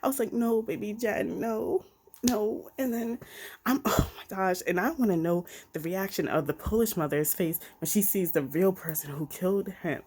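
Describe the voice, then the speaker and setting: A woman casually reviewing a mystery novel on her channel, excited and expressive, with slang and swearing. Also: lowish voice, moderate pace, a little hiss or hum. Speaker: BookTube reviewer. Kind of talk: casual book review vlog.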